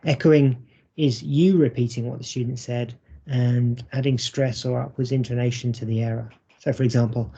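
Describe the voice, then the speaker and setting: A man presenting a recorded workshop for English teachers, speaking in a measured, explanatory way with frequent ums. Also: medium pitch, fairly even intonation, vocal fry, mellow, husky. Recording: dull lo-fi audio.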